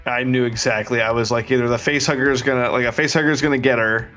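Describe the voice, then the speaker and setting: A man's voice: mid-range voice, fairly even intonation, fast, fairly bright tone, soft background music. Laid-back profane podcast guy. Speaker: podcast co-host. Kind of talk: casual movie recap chat.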